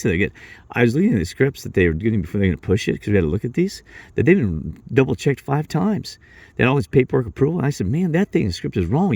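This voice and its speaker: A man telling a rambling work story in casual talk, acting out his coworkers' lines in a higher voice. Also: mellow, no echo. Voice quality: low gravelly voice. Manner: rambling, acts out coworkers' lines with raised pitch.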